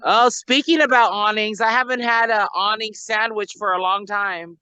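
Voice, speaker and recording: Woman podcast host, easygoing and reflective, crisp bright tone. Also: medium pitch, fairly even intonation, moderate pace, no echo, low-quality recording. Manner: reflective, easygoing, asks questions. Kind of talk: casual chat.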